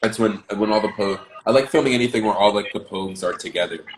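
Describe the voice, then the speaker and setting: A young man from the American South talks in a low, easygoing voice over a video call. He chats casually, laughing often and drawing out his words now and then. A faint hiss sits behind him. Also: poor audio. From Southern United States. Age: young adult. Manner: laid-back, laughs often, drawls words slowly at times. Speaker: actor guest. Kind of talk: casual livestream chat.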